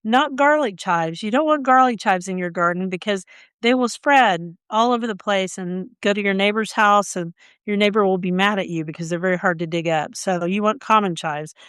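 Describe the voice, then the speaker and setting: A woman's voice: mid-range voice, normal speed, a bit bright, clear, resonant tone, no room sound, clean studio sound. Chatty woman gardening co-host. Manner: chatty, storytelling, laughs often. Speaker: podcast co-host. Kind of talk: casual gardening chat.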